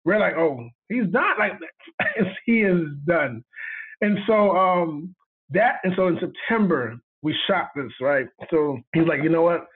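A man, a video director, tells a story in casual chat, animated and laughing as he acts out what people said. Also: fairly high pitch, a little slow, husky. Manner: animated, laughing retelling with quoted dialogue. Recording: tinny phone line.

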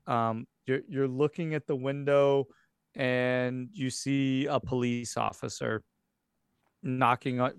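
A man's voice: medium pitch, clean tone, dry recording, studio quality. A man running a tabletop game as game master, narrating scenes in a rambling way with many fillers. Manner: rambling, filler-heavy storytelling.

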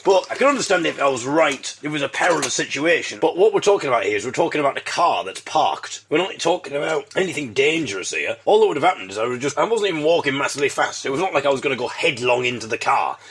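A man's voice: mid-range voice, lively intonation, fast talker, few pauses, fairly bright tone, a little hiss or hum. A man hosting his own podcast, telling comic stories in a wry, self-mocking way and slipping in puns. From Britain. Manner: fond of puns. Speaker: podcast host. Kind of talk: comic monologue.

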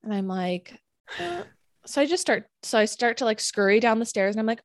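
A woman telling a personal story in casual chat, animated and full of "like" fillers. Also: on the high side, fairly quick, no room sound, studio quality. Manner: animated, filler-heavy retelling with many "like"s.

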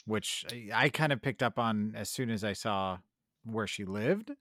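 A man's voice: fairly low pitch, unhurried, a bit bright, no echo, clean studio sound. A man in casual podcast talk, rambling and searching for words. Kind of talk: casual chat.

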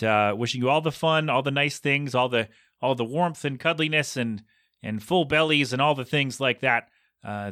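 Bright-voiced man rambling on his podcast. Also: mid-range voice, clean tone, no room sound, studio quality. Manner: chatty, jokey, rambling. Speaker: podcast host. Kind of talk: casual solo rambling.

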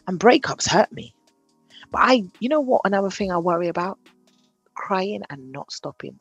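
A woman hosts her podcast, her voice gravelly and a little husky. She talks candidly, swinging between loud, brash self-hype and soft confession. The sound is dry and close, with faint music underneath. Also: low voice, no echo. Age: 30s. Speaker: podcast host. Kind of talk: candid solo podcast monologue.

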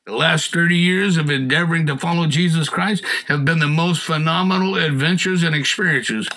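Speaking at a moderate pace in a slightly high voice, this middle-aged male guest earnestly tells his testimony like a folksy storyteller. As he goes on, he rises to shouted appeals.

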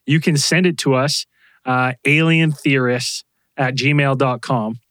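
A man hosts a casual podcast, easygoing and full of small fillers. His mid-pitched voice is recorded dry, with no room sound. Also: unhurried, dry recording. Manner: relaxed, hesitant fillers, reads from the chat. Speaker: podcast host.

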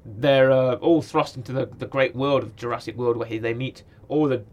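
A man's voice: medium pitch, steady tone, moderate pace, a little mellow, lo-fi sound. A man co-hosting a podcast, chatting casually about a cartoon series, rambling, correcting himself and laughing often. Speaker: podcast co-host.

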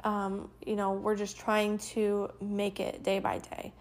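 A woman's voice: mid-range voice, monotone, takes it slowly. A woman hosting a casual solo podcast, talking in a rambling, reassuring way with lots of fillers. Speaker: podcast host.

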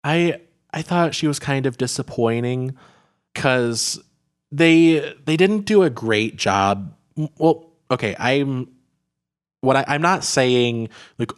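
Taking his time, a man with a smooth mid-range voice reviews a film as a podcast co-host. The conversation is casual and rambling, full of filler words and restarts.

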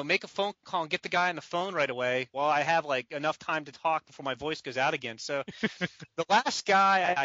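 A man casually telling a lively baseball story on a podcast, laughing often and playing out the phone calls. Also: on the high side, dry recording, dull audio. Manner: animated storyteller, laughs often, does croaky voices. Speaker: baseball draft writer.

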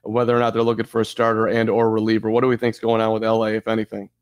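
A man's voice: lowish voice, completely flat delivery, very fast, clean tone. A man from Chicago co-hosting a podcast in casual sports chat, joking and rambling through asides. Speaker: podcast co-host.

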